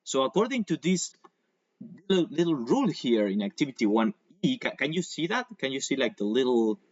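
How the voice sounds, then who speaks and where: A man's voice: mid-range voice, very animated, fairly quick, darkish tone. A man whose first language is Spanish teaches English on a video call, and his speech rises and falls a great deal. He explains patiently and stretches words to show the stress. The sound is dull and dry, with no room echo. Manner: patient, explains with examples and over-exaggerated pronunciation. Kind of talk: online English lesson.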